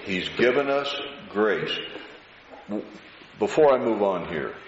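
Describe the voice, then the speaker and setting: A man preaching a sermon slowly and deliberately, drawing out words for emphasis. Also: on the low side, animated. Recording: roomy, dull hall recording with faint hiss.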